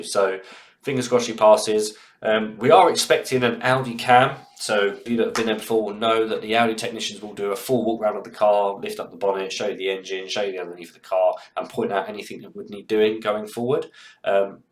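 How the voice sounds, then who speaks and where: A man hosting a car vlog, talking casually with a congested head cold and a rambling, chatty manner full of fillers. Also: lowish voice. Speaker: car channel host. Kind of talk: casual vlog talk to camera. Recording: roomy echo.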